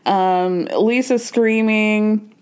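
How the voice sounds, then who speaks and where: A woman's voice: medium pitch, fairly even intonation, extremely slow, a little mellow, clean tone. Chatty woman recapping reality TV. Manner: chatty, opinionated, laughs easily. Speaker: podcast host. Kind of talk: casual pop culture recap.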